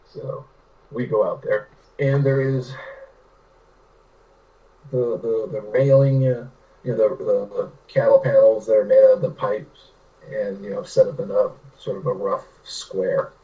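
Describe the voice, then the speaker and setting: A man's voice: lowish voice, steady tone, a little slow, pauses often, recorded from a distance, dull audio. A man from California, a writer telling rambling anecdotes with many restarts in a casual interview. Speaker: guest, writer.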